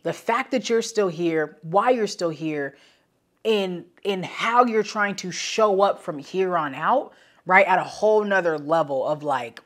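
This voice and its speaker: A woman's voice: lowish voice, animated, a little slow. A woman talks solo on her motivational podcast, preaching with conviction in a loose, slangy way. She circles back to her points and repeats them for emphasis, sometimes with a catch of feeling in her voice. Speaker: podcast host.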